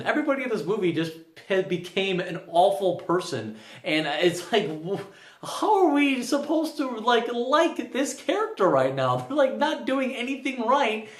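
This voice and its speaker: A man's voice: sits high, animated, moderate pace, roomy sound. A young man giving a casual spoken movie review, rambling and often stammering over restarts.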